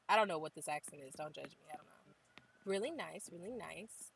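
Young woman, lowish voice, casual gaming host, gushing and chatty. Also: fairly quick, gravelly, a bit bright, a little hiss or hum, low-quality recording. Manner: chatty, gushing, says "like" constantly. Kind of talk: casual game tour commentary.

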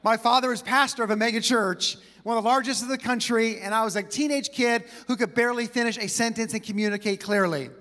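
High-voiced man preaching in a reverberant hall. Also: sharp tone. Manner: storytelling with quick asides and light laughs. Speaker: pastor. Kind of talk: sermon. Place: church auditorium with long reverb.

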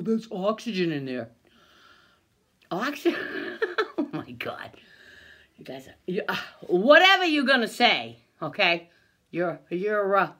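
A woman's voice: fairly high pitch, fairly bright tone. Agitated older woman ranting angrily. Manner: agitated, swearing, stammering restarts, bitter laughs. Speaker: vlogger filming herself. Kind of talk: angry self-filmed rant.

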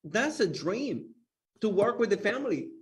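Earnest man, high voice, off-mic. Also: sing-song, normal speed, distant mic. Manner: repetitive, earnest, restarts phrases. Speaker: guest co-host. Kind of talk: casual chat.

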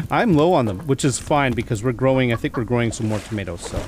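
A man's voice: mid-range voice, lively intonation, fast talker, hardly any pauses, darkish tone, a little hiss or hum. A man giving casual commentary over his survival game, thinking aloud, counting items and chuckling at his own mistakes. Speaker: gameplay commentator. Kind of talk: casual let's-play commentary.

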